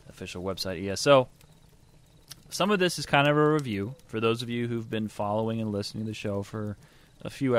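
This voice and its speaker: A man co-hosting a casual gaming podcast, chatty and upbeat as he reads out game news. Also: mid-range voice. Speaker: podcast co-host.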